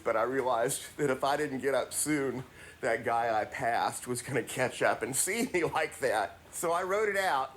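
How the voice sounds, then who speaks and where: A man calling in to a podcast, relaxed, chuckling as he tells a casual anecdote. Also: mid-range voice, slight background noise. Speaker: podcast caller.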